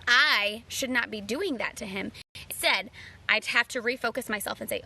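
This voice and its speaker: A woman's voice: fairly high pitch, normal speed, pushed and bright, husky. A woman in her thirties, a mom, giving an earnest motivational talk and challenging listeners with direct questions. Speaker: mom vlogger.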